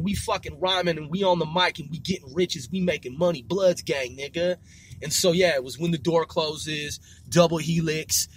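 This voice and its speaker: A man from Seattle telling profane, rambling stories in a casual, animated way. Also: high-pitched. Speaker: podcast host. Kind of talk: casual storytelling.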